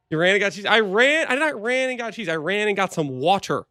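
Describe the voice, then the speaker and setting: Young male streamer host, high bright voice, playful and teasing, dry close sound. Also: big pitch swings, moderate pace, dry recording. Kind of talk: casual stream chat.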